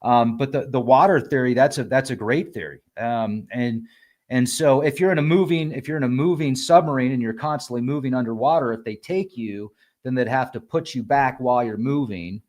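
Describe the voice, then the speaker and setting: A man speaking as a podcast guest, thoughtful at first and then vivid and excitable. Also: mid-range voice, fairly quick. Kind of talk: casual conversation.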